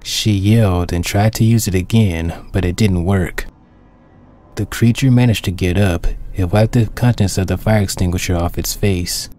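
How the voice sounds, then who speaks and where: A man reading his own dark pony fan story aloud as the narrator, in a steady, plain storytelling manner. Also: sits low, normal speed, slight background noise.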